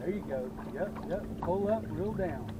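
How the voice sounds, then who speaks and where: Excited man coaching from a fishing boat. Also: high-pitched, normal speed. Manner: coaching, repeats encouragements. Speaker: fishing show host. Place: outdoors on a boat on a river. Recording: slightly dull outdoor audio with wind and boat noise.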